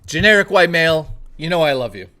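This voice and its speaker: Bright, loose-talking young male streamer. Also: fairly high pitch, very animated, fairly quick. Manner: loose, profane, reads viewer messages aloud and riffs on them. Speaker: livestreamer. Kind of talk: casual live stream chat.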